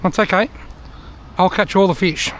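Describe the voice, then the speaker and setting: A man's voice: high voice, normal speed, fairly bright tone, a little hiss or hum. A middle-aged man with an Australian accent, chatting casually to the camera with dry humour while he fishes by a river. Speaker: fishing vlogger. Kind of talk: casual vlog commentary. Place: outdoors by a river.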